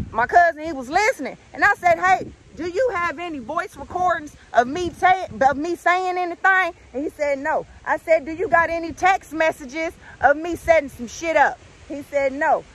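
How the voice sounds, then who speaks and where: A woman in her thirties telling a story in a casual vlog outdoors, animated and profane, calling viewers honey and y'all. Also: very high-pitched, moderate pace, few pauses, a little hiss or hum. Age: 30s.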